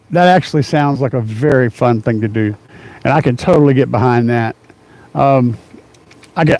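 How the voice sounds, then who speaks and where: A man's voice: mid-range voice, a little mellow. A middle-aged man hosting a casual car audio live stream, rambling with many fillers and easy laughs. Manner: rambling, rough-edged, laughs a lot, lots of fillers. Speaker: car audio livestream host.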